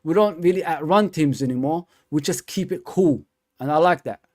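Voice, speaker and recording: A young man talks loosely and slangily, looping back over the same phrases as he chats to his viewers. His voice sits a little high, and the sound is dry and close. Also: normal speed, darkish tone, no echo. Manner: rambling, repeats himself, slangy. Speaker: fan channel host. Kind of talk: casual live stream chat.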